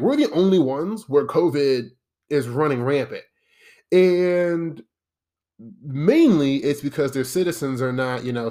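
A man hosting a solo podcast, ranting in an exasperated, profane, rambling way. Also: medium pitch. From United States. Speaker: podcast host.

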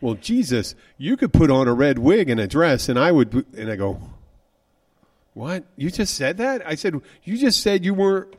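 A man with a somewhat high voice talks fairly fast, barely pausing. He's co-hosting a radio show, spinning a long, rambling story in casual on-air banter and acting out the quotes with animation.

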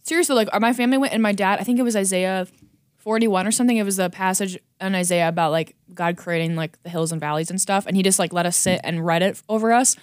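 A woman's voice: mid-range voice, quick pace, no echo, clean studio sound. A young woman guest on a podcast, chatting casually, giggling and rambling as she talks. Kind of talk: casual chat.

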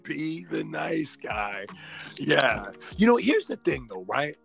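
A middle-aged man with a gravelly, slightly high voice hosts a podcast and talks in an animated, emphatic, slangy way. Faint music sits under his talk. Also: takes it slowly. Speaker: podcast host, doctor. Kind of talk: casual chat.

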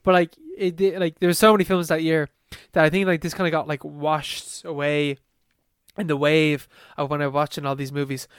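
A young man co-hosting a podcast in casual chat, talking fast with lots of fillers and the odd swear. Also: fairly high pitch, flat delivery, smooth, no echo, clean studio sound. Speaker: podcast co-host.

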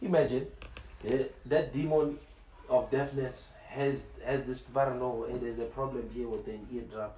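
A man, a preacher telling a story in an excited way, often repeating words and laughing as he talks. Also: medium pitch, normal speed, echoey room, low-quality recording. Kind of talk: animated storytelling.

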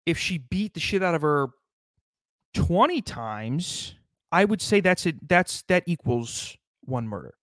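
A man's voice: fairly high pitch, sing-song, measured pace, a bit bright, no room sound. A man delivering a rambling, sardonic comedic monologue, swearing constantly as he riffs.

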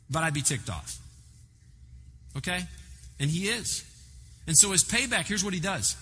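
A man preaching a sermon, retelling a story with lively asides to his listeners. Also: sits high, measured pace, long pauses, long reverb tail, faint music behind. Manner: animated storytelling with asides to the congregation. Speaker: pastor.

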